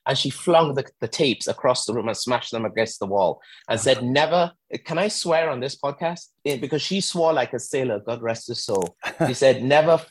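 A man, an actor, speaking in a conversational interview about his work, an animated storyteller who leans into his phrases. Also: mid-range voice, moderate pace, few pauses, breathy edge, dry recording. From England. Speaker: actor and guest.

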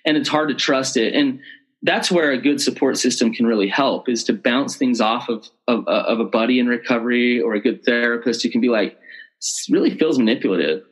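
A man talking as the expert guest in an interview, with a voice of ordinary, middling pitch. He explains things earnestly and slips into the voices of people he is quoting. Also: steady tone, a little fast, poor audio. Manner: earnest, explanatory, acts out quoted speech. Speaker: betrayal trauma expert guest. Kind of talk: conversational interview.

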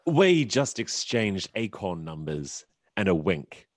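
A man's voice: sits low, sing-song, takes it slowly, full character voice. A man voicing a flirtatious, secretive male adventurer, sly and laid-back.

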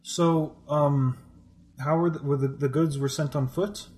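A man's voice: on the high side, steady tone, a little slow, a little mellow. A man playing in a tabletop game, questioning a captive and working out travel time, often restarting his sentences. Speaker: player.

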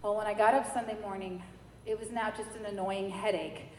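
A woman from New York giving a personal faith testimony, telling her story in a lively way and acting out the dialogue. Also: mid-range voice, fairly quick. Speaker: church member giving testimony. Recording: echoey hall with faint noise.

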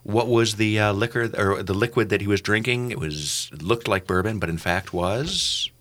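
Podcast host guy, low bright voice, jokey and rambly, lots of uhs. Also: moderate pace. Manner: playful, rambling with many fillers. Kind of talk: casual chat.

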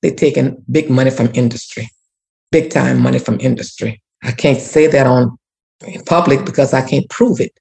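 On a rough recording, a woman with a bass voice speaks at normal speed, her tone gravelly and darkish. She's a community activist and ex-teacher from Louisiana who tells a personal story with earnest, prayerful feeling and many repetitive restarts.

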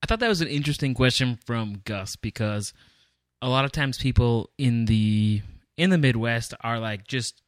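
A man's voice: mid-range voice, moderate pace, no room sound, studio quality. A man co-hosting a casual podcast chat, talking in long, thoughtful runs full of fillers. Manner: rambling, thoughtful, many fillers. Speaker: podcast co-host.

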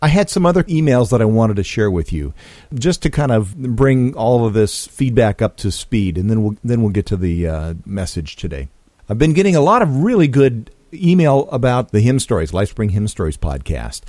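A man's voice: fairly low pitch, moderate pace, no echo. A man hosting a podcast, talking casually with fillers and restarts between listener comments. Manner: relaxed, chatty with frequent fillers and restarts. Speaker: podcast host.

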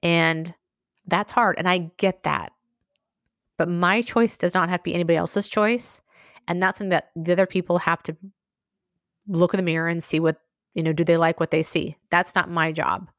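Female solo podcast host, lower register, candid conversational delivery, dry close-miked sound. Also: steady tone, moderate pace, dry recording. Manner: frank, conversational, full of asides.

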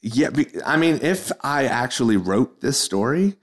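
A man's voice: medium pitch, big pitch swings, a little slow. A man, a comedian guest on a podcast, who talks hesitantly, stammering and running himself down. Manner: hesitant, stammering, self-deprecating. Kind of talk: casual podcast chat.

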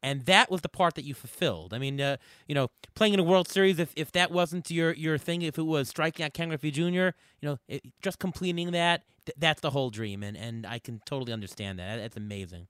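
A male interviewer reacting with admiration, speaking haltingly with many restarts. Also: a little high, a bit bright, clean tone, dry recording, clean studio sound.

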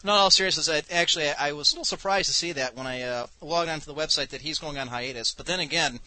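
A man from Ireland co-hosting a live show, rambling and quick to take mock offense. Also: on the high side, sharp tone, no room sound, rough recording. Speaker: podcast co-host. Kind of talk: casual live-show banter.

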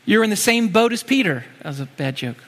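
A man preaching a sermon in a conversational, animated way, full of rhetorical questions. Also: high-pitched, brisk, in a large hall.

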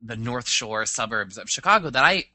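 A man's voice: medium pitch, lively intonation, moderate pace, sharp tone, no echo. A man co-hosting a podcast, chatting casually and rambling with lots of fillers. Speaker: podcast co-host. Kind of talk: casual chat.

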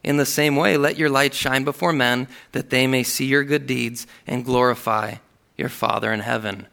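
A man's voice: medium pitch, steady tone, normal speed, gravelly, pushed and bright. A man preaching a sermon, reading scripture aloud with earnest emphasis.

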